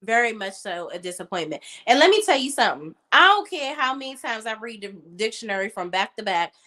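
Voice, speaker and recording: A woman with a DC accent co-hosting a casual commentary chat, blunt and animated, swearing freely. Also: a little high, brisk. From Washington, D.C. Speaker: podcast co-host.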